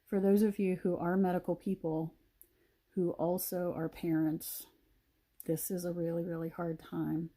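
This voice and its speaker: A woman giving a heartfelt, emotional message of encouragement, sighing and clearing her throat often and repeating phrases for emphasis. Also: lowish voice, little pitch movement, unhurried, warm tone. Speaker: video host.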